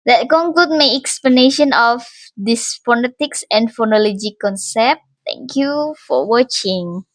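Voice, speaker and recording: A woman's voice: a little high, a little slow, no echo. A young woman giving a class presentation as a university student, speaking carefully and often repeating or correcting herself. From Indonesia. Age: young adult.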